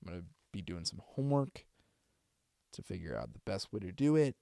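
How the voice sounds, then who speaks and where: Gravelly low man with a put-on Boston accent. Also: sing-song, fairly quick, no room sound. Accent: Boston, put on for practice. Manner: rambling, restarts often, warm thanks to viewers. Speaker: streamer and voice actor. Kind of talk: casual chat signing off a livestream. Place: home streaming setup downstairs.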